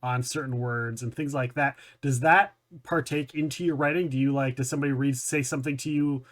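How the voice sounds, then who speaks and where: Brief: male podcast host, mid-range voice, relaxed, laughs a lot, stumbles and restarts. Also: mid-range voice, fairly quick. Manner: easygoing, laughs a lot, stumbles over words. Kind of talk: casual podcast interview.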